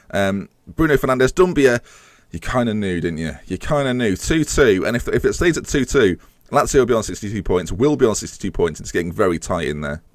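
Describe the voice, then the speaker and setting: A man commentating his own football game for video, his pitch leaping around as he swings between dry jokes and exasperated outbursts. His voice is close and dry, with no room around it. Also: dry recording. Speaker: gaming YouTuber.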